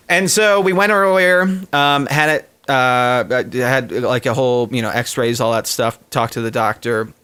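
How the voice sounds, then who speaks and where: A man's voice: medium pitch, a little slow, few pauses, sharp tone, clear, resonant tone. A man streaming live, chatting casually to his viewers in a rambling, heartfelt way with many fillers and restarts.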